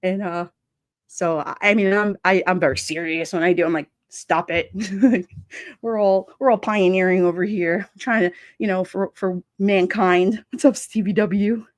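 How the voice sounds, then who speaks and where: A woman's voice: on the low side, moderate pace, no room sound, clean studio sound. Chatty laughing woman livestream host. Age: adult with children. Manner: chatty, laughing often, animated quoting voices. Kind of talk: casual chat reading live comments.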